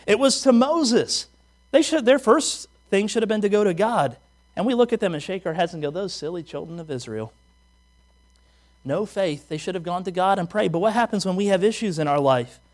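A pastor preaching a sermon in a humorous, conversational way, full of rhetorical questions. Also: male voice, sits high.

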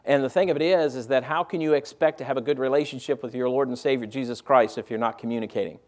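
A pastor preaching a sermon in a church, conversational and full of rhetorical questions put to the congregation. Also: male voice, mid-range voice, steady tone, fast talker. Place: church auditorium.

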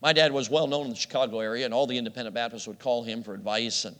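A man's voice: mid-range voice, steady tone, racing, a bit bright, big-room sound. A middle-aged man preaching a sermon, telling a personal story with self-deprecating humor and frequent laughs.

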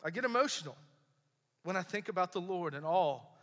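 A man's voice: high-pitched, animated, fairly quick, a bit bright, in a large hall. A young male pastor, preaching a sermon in a casual, emphatic way, repeating phrases for effect. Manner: conversational, emphatic preaching with repetitions. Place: church sanctuary.

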